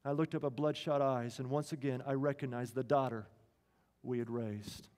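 A man, a pastor, tells a story in an earnest sermon, slowing down to stress key lines. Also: medium pitch, steady tone, darkish tone, long reverb tail.

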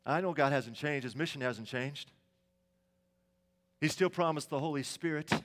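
A man's voice: fairly high pitch, normal speed, a bit bright. A middle-aged male pastor preaching a sermon in a church sanctuary, telling stories conversationally and asking the congregation questions.

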